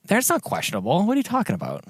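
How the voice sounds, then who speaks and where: A man co-hosting a gaming podcast, talking in a loose, chatty way. His pitch swings up and down a lot as he talks. The sound is dry and close, with no room behind him. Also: very fast, husky, dry recording. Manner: animated, chatty, lots of filler words. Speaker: podcast co-host. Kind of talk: casual chat.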